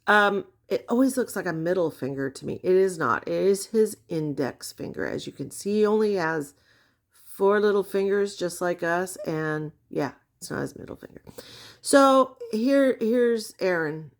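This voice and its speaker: A woman giving casual explanatory commentary, wry and teasing, often asking rhetorical questions. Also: medium pitch.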